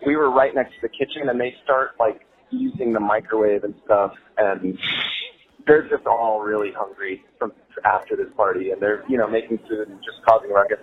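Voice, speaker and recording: A man's voice: lowish voice, normal speed, slightly rough. Young man, casual storyteller, chuckles and swears, lots of "like", tinny narrow sound. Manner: animated, laughs often, many "like" fillers, swears casually. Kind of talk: casual anecdote telling. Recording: phone-like line with faint music.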